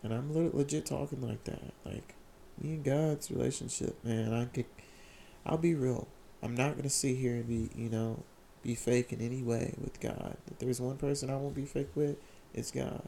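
A young man candidly telling a personal story in casual slang, often halting and repeating his words. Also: mid-range voice, fairly even intonation, creaky, warm tone, a little hiss or hum. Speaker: vlogger sharing a personal story.

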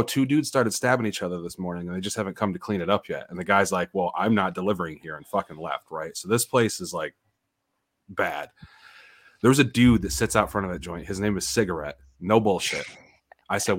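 A man in casual podcast chat, telling a story with animated, loud bursts and laughs. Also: low-pitched.

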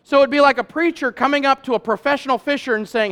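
A man preaching a sermon as pastor, talking in a loose conversational way and building to loud, emphatic peaks. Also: very high-pitched, steady tone, fast talker.

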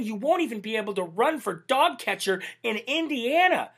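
A man hosting a political commentary livestream, animated, indignant and sarcastic, often calling out to "ladies and gentlemen". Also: very high-pitched, moderate pace, husky. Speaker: host.

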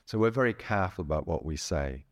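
A middle-aged man speaking as a therapist guest in a relaxed interview, chatty, laughing often and restarting his sentences. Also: low voice, fast talker, no room sound, studio quality. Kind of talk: casual interview talk.

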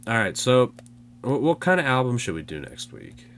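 A man's voice: medium pitch, very animated, normal speed, a bit bright. A young man co-hosting a podcast in loose, joking casual chat, rambling with plenty of fillers. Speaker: podcast co-host.

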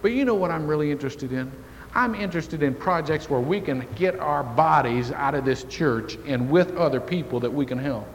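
Lively folksy male pastor preaching. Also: normal speed. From Indiana. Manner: folksy storytelling with lively shifts in pitch. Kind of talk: sermon. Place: church sanctuary. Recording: church hall reverb, faint hiss.

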